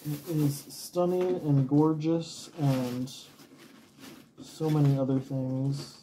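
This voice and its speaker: A man's voice: a little high, little pitch movement, takes it slowly, dark tone, slight background noise. A man hosting a knitting show, talking casually in a chatty, rambling, self-mocking way. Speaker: knitting podcast host. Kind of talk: casual chat.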